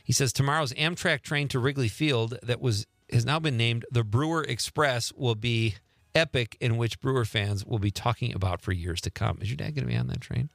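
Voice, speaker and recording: A man hosting a radio talk show, chatty and quick to laugh, on a studio mic. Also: medium pitch, vocal fry, fairly bright tone, no room sound. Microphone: studio microphone.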